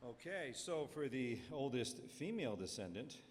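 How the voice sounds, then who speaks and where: A man's voice: medium pitch, big pitch swings, moderate pace, slight background noise. A middle-aged man emceeing a family reunion, chatty and joking as he asks the crowd questions. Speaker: reunion emcee handing out awards. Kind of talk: casual emcee talk to a crowd. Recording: long hall reverb.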